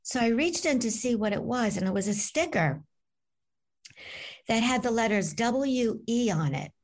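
A woman's voice: fairly high pitch, unhurried. Woman author-guest, chatty storyteller, acts out the voices. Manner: animated, acts out voices in her stories. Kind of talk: conversational storytelling.

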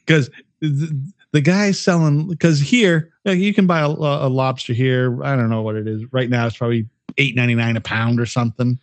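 A man's voice: mid-range voice, steady tone, moderate pace, no echo. A man co-hosting a podcast in casual, profane, rambling chat, often laughing. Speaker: podcast co-host.

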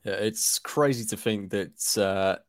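A man hosting a football podcast, talking in a quick, wry way. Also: fairly low pitch, no room sound, clean studio sound. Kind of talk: casual football podcast chat.

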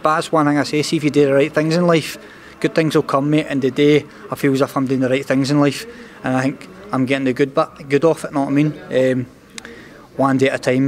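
A young Scottish man with a Glasgow accent, talking earnestly in an interview as a boxer, padding nearly every sentence with "mate" and "know what I mean". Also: medium pitch. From Scotland. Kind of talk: candid interview talk.

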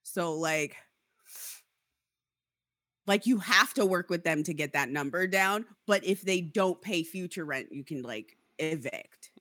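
A woman's voice: lowish voice, measured pace, no echo, studio quality. A woman in casual chat, angrily telling a story about a landlord dispute and acting out both sides. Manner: indignant, animated storytelling with mock quotes. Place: Seattle area.

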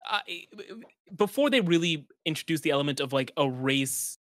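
A man's voice: on the high side, lively intonation, normal speed, a bit bright, dry recording, clean studio sound. A man co-hosting a podcast, chatting casually and losing his thread mid-sentence. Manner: meandering, loses his thread. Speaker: podcast co-host. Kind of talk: casual chat.

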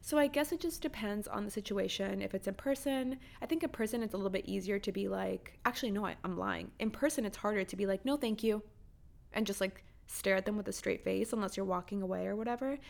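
Blunt dating advice comes from a young woman hosting a podcast, talking casually, swearing without restraint, and peppering her talk with emphatic rhetorical questions. She's a fast talker with a creaky mid-range voice and barely pauses.

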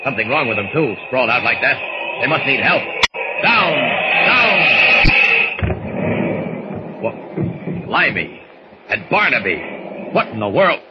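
An actor playing a calm, commanding adult male superhero, steady and reassuring, in 1940s radio acting. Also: medium pitch, normal speed, long pauses, lightly acted. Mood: musing. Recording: hissy dull old radio recording.

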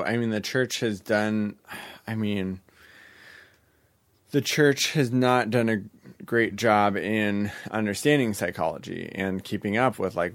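A man's voice: lowish voice, gravelly, no room sound. A man co-hosting a podcast in a casual chat, earnest and laid-back. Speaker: podcast co-host.

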